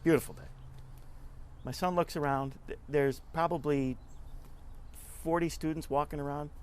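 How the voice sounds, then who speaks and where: A middle-aged man, a nonprofit club leader, giving a casual interview and telling stories in a lively way, often acting out what people said. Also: on the high side, moderate pace, slight background noise. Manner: chatty, animated storyteller who acts out quotes.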